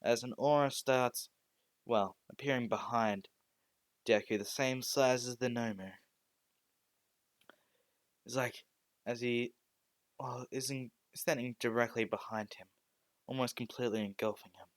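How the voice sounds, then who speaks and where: Slow, rambling male storyteller. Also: medium pitch, steady tone, smooth, no echo. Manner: rambling, full of restarts and "well". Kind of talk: improvised fan-fiction narration.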